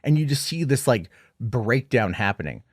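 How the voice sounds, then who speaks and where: A man giving a casual, rambling film review, retelling scenes in an animated way. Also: mid-range voice, moderate pace, no echo, studio quality.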